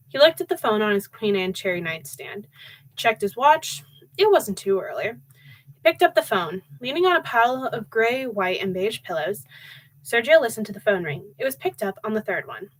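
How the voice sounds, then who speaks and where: A woman's voice: medium pitch, animated, normal speed, rough recording. A young adult woman streaming a live audiobook reading, chatting casually between passages. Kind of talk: casual live-stream chat and storybook narration.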